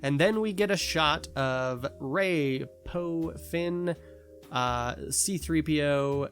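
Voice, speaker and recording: A man talking on a casual podcast, his voice sitting a little above average in pitch, with faint music now and then behind him. He is animated and keeps throwing in playful mock voices to argue his point. Nothing about it sounds scripted. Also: slow pace. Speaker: podcast co-host. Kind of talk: casual chat.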